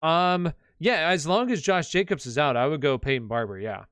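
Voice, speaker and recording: A man's voice: on the high side, normal speed, a bit bright, no room sound, studio quality. A young man hosting a live sports Q&A stream, chatting casually with lots of fillers and rambling asides. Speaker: fantasy football livestream host.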